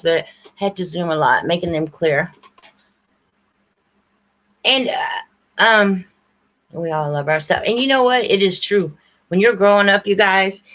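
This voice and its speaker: A woman hosting a livestream, rambling warmly and earnestly straight to her viewers in casual chat. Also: medium pitch. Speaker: livestream host.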